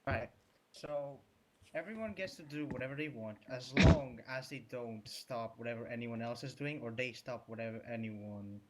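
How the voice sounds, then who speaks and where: A man pitching a campaign in a roleplay, hesitant and rambling. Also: moderate pace, crowd noise.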